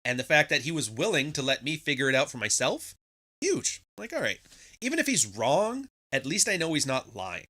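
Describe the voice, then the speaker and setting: A man's voice: a little high, very animated, moderate pace, pushed and bright. A man hosting a podcast, talking casually in a profane, sarcastic monologue, often mimicking people mockingly. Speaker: podcast host.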